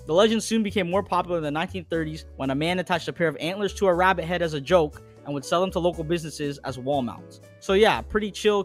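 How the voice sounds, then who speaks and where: Fast-talking crude comedy narrator, man. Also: a little high. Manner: crude, jokey, deadpan asides.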